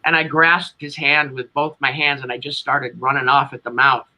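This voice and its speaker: A man's voice: mid-range voice, flat delivery, normal speed, dull audio. A middle-aged man with a New England accent, a tribute band singer telling a long, rambling story as an interview guest.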